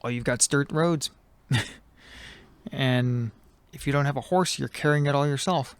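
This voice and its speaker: A man's voice: medium pitch, measured pace, smooth. A man co-hosting a podcast in casual chat, loose and jokey with frequent ums. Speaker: podcast co-host.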